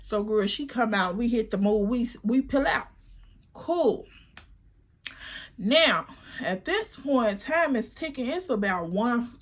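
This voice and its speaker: A young woman telling a storytime vlog, chatty and animated, talking straight to her viewers. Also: a little high, slow pace, long pauses. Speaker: vlogger.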